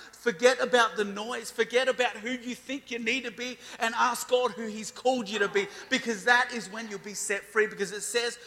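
A man's voice: extremely high pitch, pushed and bright. A man in his thirties preaching a youth sermon, declaring and building emphasis as he reads scripture. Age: 30s. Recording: reverberant hall.

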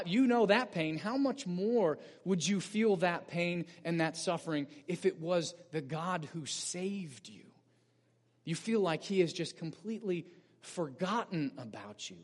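Man, pastor, sermon, high voice, earnest emphatic preaching, long church reverb. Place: church sanctuary.

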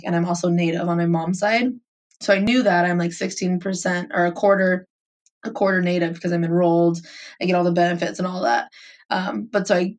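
A woman's voice: on the low side, distant mic. A young adult woman co-hosting a casual chat, rambling with lots of fillers and frequent giggles.

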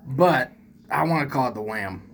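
A man's voice: medium pitch, expressive, moderate pace, background noise. A man co-hosting a podcast in playful, goofy banter. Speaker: podcast co-host.

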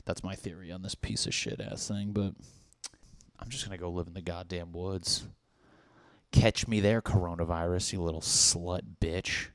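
A young man hosting a podcast, rambling through a casual monologue, swearing a lot and getting excited as he goes. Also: sits low, moderate pace, dry recording, studio quality. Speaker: podcast host.

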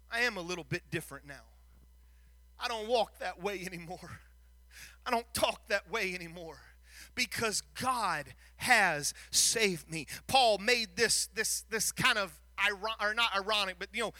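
A middle-aged man preaching a sermon, folksy, quoting scripture, swinging from quiet asides to shouted passages. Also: high-pitched, measured pace, no echo. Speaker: pastor.

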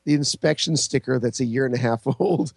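A man's voice: medium pitch, brisk, creaky, slightly rough, no echo, studio quality. A man in his forties, a podcast co-host, rambling through comic anecdotes with laughs between lines. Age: 40s. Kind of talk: casual comedic storytelling.

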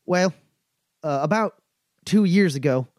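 A man voicing a nervous young male mail carrier who speaks haltingly and apologetically. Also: sits high, expressive, a little mellow, dry recording, clean studio sound, pitched above the performer's own voice. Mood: earnest.

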